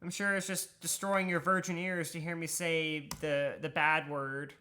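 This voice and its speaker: A woman's voice: deep voice, level tone, measured pace, bright, forceful tone, slight background noise. A young Australian woman streaming a game, chatting casually, swearing freely and laughing often. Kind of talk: casual chat while gaming.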